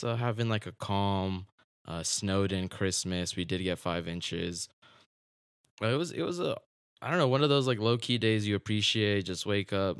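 A man co-hosting a casual football podcast, chatting in a relaxed, rambling way with lots of fillers. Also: sits low, clear, resonant tone, no room sound, clean studio sound. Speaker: podcast co-host. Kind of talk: casual sports podcast chat.

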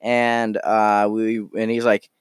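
Lonely nice guy, halting, rambling, voiced by a man, dry, close sound. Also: lowish voice, flat delivery, smooth, no room sound. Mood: earnest. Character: gentle lonely young man, once depressed.

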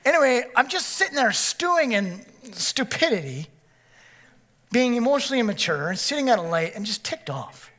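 Male pastor, sermon delivery: high, bright voice, storytelling with frequent "okay?" asides to the room. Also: moderate pace. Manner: animated storytelling with frequent "okay?" check-ins.

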